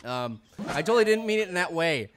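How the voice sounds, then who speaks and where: A goofy young man rambles through his video game commentary, now and then bursting into a silly shouted word. His voice sits a bit high for a man and swings widely in pitch. A steady noisy hiss runs under the recording. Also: brisk. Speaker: gaming channel host. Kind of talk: let's play commentary.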